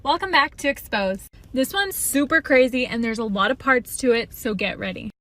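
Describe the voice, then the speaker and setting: A woman's voice: a little high, normal speed. Chatty young woman retelling a saga. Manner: chatty, animated retelling of text messages. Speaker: social media creator exposing cheaters. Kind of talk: casual storytime narration to camera.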